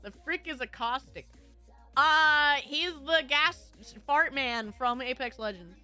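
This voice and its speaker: Giggly woman streamer, high bright voice, casual chat, faint music behind. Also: slow. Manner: giggly, laughs often. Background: faint background music.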